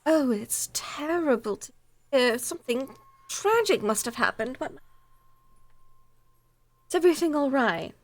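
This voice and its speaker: A woman's voice: high-pitched, animated, a little slow, long pauses, no room sound. A woman playing a tabletop role-playing game, playfully speaking in and out of character as a wealthy mother. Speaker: player.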